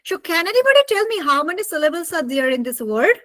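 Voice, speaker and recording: A woman's voice: very high-pitched, big pitch swings, racing, fairly bright tone. A woman with a Bengali accent teaching spoken English in an online class, mixing English and Bengali and quizzing her students. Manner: mixes English and Bengali, asks students questions.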